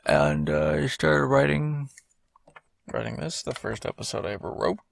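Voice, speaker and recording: A man casually commenting on his own animated series, rambling, swearing and poking fun at himself. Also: medium pitch, moderate pace, vocal fry, no room sound. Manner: rambling, profane, self-mocking. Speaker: creator of an animated web series.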